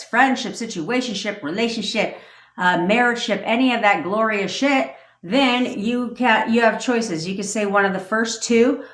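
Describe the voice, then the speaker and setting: A woman hosts a casual livestream rant, blunt and full of swearing as she gives firm instructions. Her voice sits at an ordinary middle pitch. The sound carries a noticeable room echo. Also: fairly bright tone. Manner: blunt and profane, commanding. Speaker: manifestation coach hosting a live stream. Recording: roomy echo.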